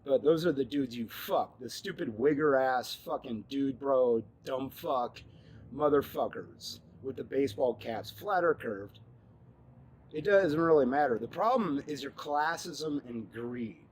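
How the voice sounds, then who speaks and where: A man's voice: mid-range voice, echoey room, a little hiss or hum, low-quality recording. Angry ranting man in his forties. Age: 40s. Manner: angry ranting, mocking voices, growing louder and shouting. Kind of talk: ranting monologue to camera.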